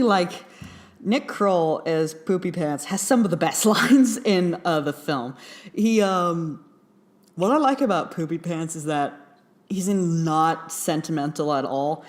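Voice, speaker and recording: A young adult woman giving a casual, chatty film review, full of fillers and little laughs. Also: low voice. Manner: chatty, rambling, many fillers and giggles.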